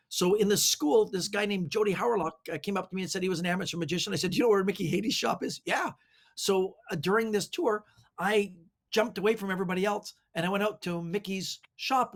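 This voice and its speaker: A middle-aged man, a magician guest, telling animated anecdotes with lots of fillers. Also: high-pitched. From Canada. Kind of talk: storytelling interview answers.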